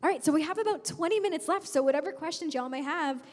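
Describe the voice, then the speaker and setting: A woman's voice: high-pitched, fast talker. A woman moderating a convention panel, upbeat and chatty. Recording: convention hall reverb.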